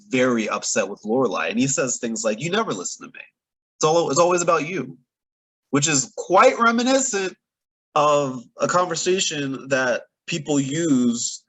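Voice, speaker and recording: A man with a husky, slightly breathy voice reviews a TV episode in a casual, opinionated recap. His pitch swings widely as he argues his points, and he laughs often between thoughts. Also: a bit bright, low-quality recording.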